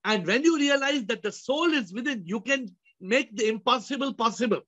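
A man's voice: extremely high pitch, lively intonation, moderate pace, bright, forceful tone, dry recording, lo-fi sound. A man teaching spiritual ideas over a video call, emphatic and fond of telling stories, slipping into Hindi phrases.

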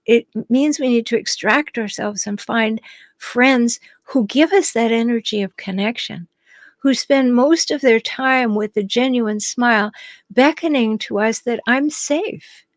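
A woman hosting a live stream, reading viewers' comments and answering them in a gentle, reassuring way. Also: fairly high pitch, no echo.

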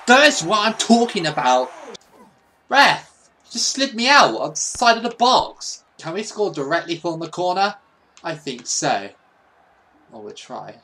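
A man giving casual, excitable, sweary commentary over his own football gameplay. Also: sits high, a little slow. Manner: excitable, sweary, mock-patriotic. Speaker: gaming YouTuber.

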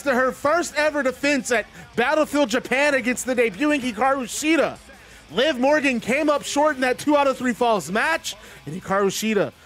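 A man narrating a simulated wrestling show as commentator, excitable and rambling. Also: very high voice.

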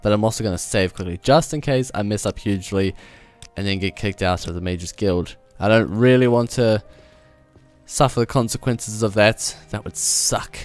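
A man's voice: on the low side, normal speed. A man hosting a casual let's-play video, chatting and joking to himself as he plays. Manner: chatty, playful, talks to himself while playing. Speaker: gaming video host. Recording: faint game music behind.

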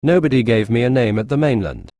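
A man's voice: medium pitch, very animated, quick pace, crowd noise. A man voicing a shy, nervous young male engine who stammers and hesitates, for a fan storybook tale with music behind.

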